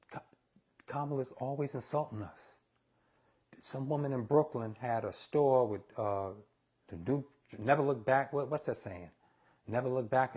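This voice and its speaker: A man's voice: mid-range voice, darkish tone, husky. A man hosting a casual live cooking stream, talking bluntly and opinionated to viewers he calls y'all. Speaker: cooking show host.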